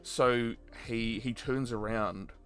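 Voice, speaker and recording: A man's voice: medium pitch, steady tone, slow, clear, resonant tone, soft background music. A man in casual chat, enthusiastically recounting his roleplay moments and swearing freely. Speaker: roleplayer interviewee.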